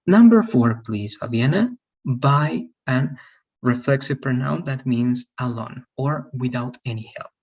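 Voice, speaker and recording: Husky-voiced male teacher, lo-fi audio. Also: mid-range voice, animated, unhurried, darkish tone. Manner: explanatory, repeats "okay" and "right?" to check understanding. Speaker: English teacher. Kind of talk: online grammar class. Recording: dull lo-fi audio.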